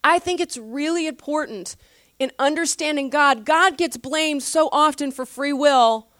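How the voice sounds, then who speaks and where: A woman pastor teaching from the Bible in a casual, conversational way, with animated slangy asides and frequent laughs. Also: high-pitched, unhurried, no room sound, studio quality.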